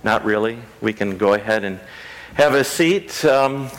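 A man's voice: fairly low pitch, unhurried, rough recording. Man pastor giving a children's sermon. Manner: conversational, asks children simple questions. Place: rural church sanctuary.

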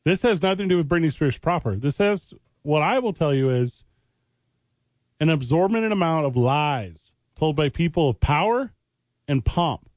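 A man's voice: fairly high pitch, lively intonation, normal speed, darkish tone, no echo. A man co-hosting sports talk radio, arguing his point and choosing his words with care. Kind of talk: heated sports talk debate.

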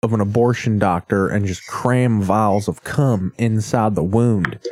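A man's voice: lowish voice, unhurried, crowd noise. A man hosting a comedy podcast, crude and rambling in his banter. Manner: profane, rambling. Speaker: podcast host.

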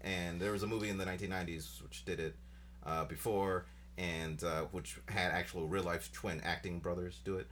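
A man's voice: deep voice, steady tone, moderate pace, a bit bright, a little hiss or hum. A man co-hosting a casual group podcast, talking about movies with emphatic agreement. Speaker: podcast co-host.

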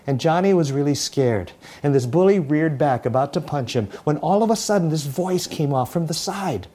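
A man's voice: a little high, expressive, normal speed, few pauses, warm tone. A man preaching an Easter sermon, telling a parable in a conversational, storytelling way. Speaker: pastor.

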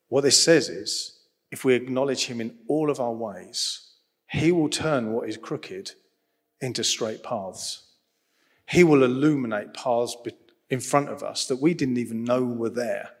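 A man preaching a sermon in a lively, humorous, conversational way. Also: mid-range voice, measured pace. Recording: long reverb of a large hall.

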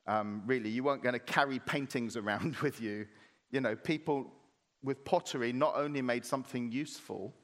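A man preaching a sermon as pastor, animated, acting out playful voices in his retelling. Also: mid-range voice, in a large hall. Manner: animated, acts out voices of clay and potter.

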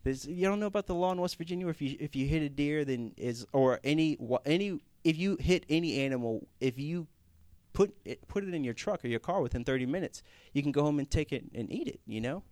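Animated young male preacher. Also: fairly high pitch, quick pace, no echo. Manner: conversational, animated, rising to emphatic reading. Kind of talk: sermon.

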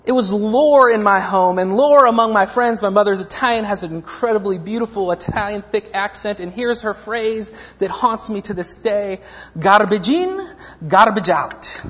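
A man's voice: sits high, moderate pace, hardly any pauses, fairly bright tone. A man in his thirties preaching a sermon, telling a story with humorous, self-mocking asides. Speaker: pastor. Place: church sanctuary. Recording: echoey dull lo-fi church recording.

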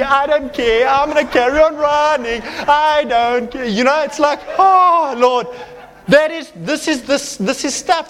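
Pastor, male, high-pitched voice, lively preaching that keeps checking in with the congregation. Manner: animated preaching, checking in with "okay?". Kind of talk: sermon.

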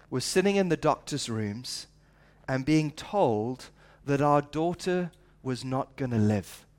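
A middle-aged man preaching a sermon at a church service, earnest and conversational, asking rhetorical questions. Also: mid-range voice. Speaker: pastor.

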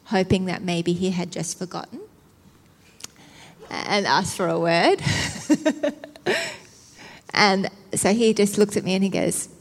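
A woman preaching a personal testimony in an animated, self-mocking storyteller's way, laughing as she goes. Her voice sits at an ordinary middle pitch. The sound carries a long reverb from a large hall. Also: measured pace, vocal fry, long pauses. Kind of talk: sermon testimony.

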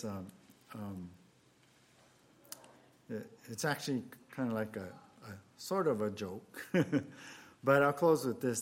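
A male pastor preaching at a church service that is also streamed online, then praying with repeated invocations. He speaks slowly and earnestly. His pitch sits in a middle range. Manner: earnest, repetitive invocations in prayer. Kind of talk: sermon and prayer.

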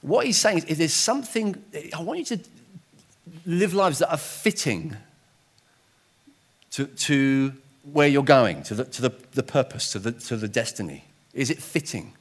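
Animated male preacher, lively pitch. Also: normal speed. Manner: animated, conversational, frequent restarts and asides. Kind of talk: sermon.

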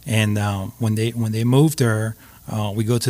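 A man's voice: on the low side, fairly even intonation, a little mellow. Earnest man telling a story. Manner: earnest, halting, with many restarts. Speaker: guest. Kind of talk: personal storytelling.

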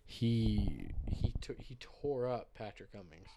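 A man's voice: fairly low pitch, animated, slow pace, dark tone, slight background noise. A man hosting a solo podcast, chatting casually in a loose, rambling, joking way with some swearing. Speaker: podcast host. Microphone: podcast microphone.

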